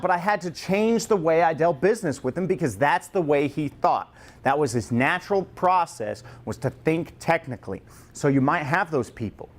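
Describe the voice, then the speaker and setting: A man leading a staff training session in a room with a group, lively and joking, acting out customer lines as examples. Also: fairly high pitch. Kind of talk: classroom training talk.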